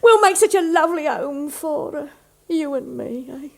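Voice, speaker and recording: A woman's voice: high-pitched, animated, moderate pace, gravelly, a little mellow. A woman playing a scheming, cheerful pie-shop landlady in a radio musical drama, giggly and coaxing.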